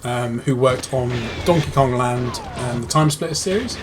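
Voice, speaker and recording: A man's voice: mid-range voice, normal speed. Joking man chatting over game music. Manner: joking, laughs often, chatty. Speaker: co-host of a gaming channel. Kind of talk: casual gameplay chat with trivia.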